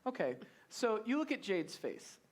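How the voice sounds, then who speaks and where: Laid-back game master narrating. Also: male voice, sits high, normal speed, a little hiss or hum. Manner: relaxed, chuckling narration with fillers. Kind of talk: narrating a live tabletop game.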